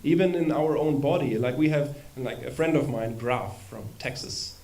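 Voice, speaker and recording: A man with a mid-pitched voice lectures to an audience in a temple hall. His delivery is loose and conversational. He breaks off into humorous asides and rhetorical questions. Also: moderate pace, a little mellow. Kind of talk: informal spiritual lecture.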